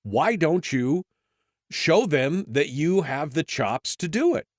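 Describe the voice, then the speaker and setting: A man's voice: a little high, big pitch swings, takes it slowly, no echo. Frustrated male talk-show host, dry sound. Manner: frustrated, conversational, leans on "I mean". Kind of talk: radio talk-show conversation.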